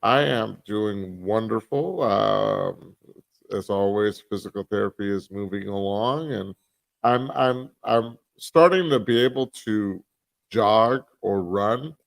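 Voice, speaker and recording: Gravelly guy cohosting a podcast, dry mic, kinda jokey, lots of restarts. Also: lowish voice, slow pace, dry recording. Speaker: podcast co-host. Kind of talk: casual chat.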